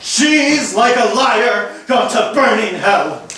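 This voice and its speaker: An actor playing Othello, a tormented, jealous male general, delivering Shakespeare on stage with declamatory, drawn-out stresses. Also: very high-pitched, expressive, sharp tone, heavily acted. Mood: scornful. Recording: roomy hall, distant mic, faint noise.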